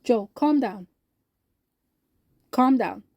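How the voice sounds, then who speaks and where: A woman's voice: a little high, animated, normal speed, mellow, breathy edge, dry recording, dull audio. Amos: a woman doing a dismissive church leader. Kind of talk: storybook character voice.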